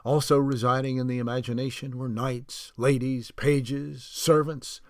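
A man's voice: mid-range voice, little pitch movement, no echo. Man reading a novel in a dry voice. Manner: unhurried storytelling with small slips and restarts. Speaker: audiobook narrator.

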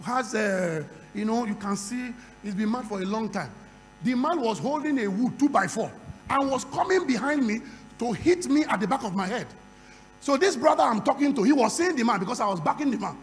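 Man, sermon, call-and-response, speaking in tongues, very high voice, long hall echo. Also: expressive, brisk, slight background noise. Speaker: preacher. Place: large hall.

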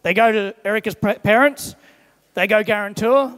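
A young man preaches a sermon, telling everyday stories and briefly putting on the voices of the people in them. His voice sits high for a man. He was recorded in a large church hall, and a long echo trails after his words. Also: moderate pace, fairly bright tone.

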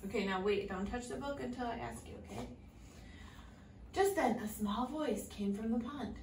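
A woman teaching English to young children reads a storybook aloud and asks them patient, simple questions. Her voice is fairly high and a little mellow at a moderate pace, recorded far from the mic in an echoey room with faint noise.

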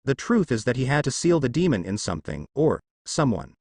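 An earnest, kind young ninja teacher in his twenties, voiced by a man reading a fan story. He speaks sincerely, with a lively, varied pitch. The voice is recorded close and dry. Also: a little fast, husky, dry recording.

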